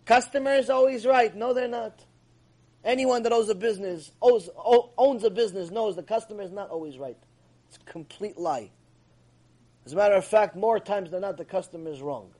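A man giving an animated, emphatic ethics lecture as a Torah teacher. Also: sits high, fairly quick.

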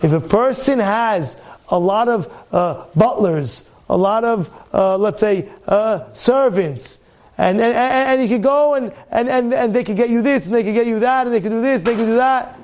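A man's voice: very high-pitched, normal speed, darkish tone. A man giving a rabbi's class on the weekly Torah portion, asking rhetorical questions and repeating words as he builds his points. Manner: acts out students' complaints in a raised voice.

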